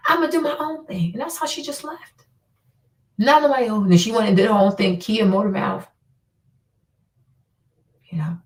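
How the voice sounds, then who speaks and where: Woman podcast host, blunt and exasperated, higher voice, mic set back in an echoey room. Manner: blunt, exasperated, drops into whispers for emphasis. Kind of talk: opinionated casual monologue. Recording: roomy echo from a distant mic.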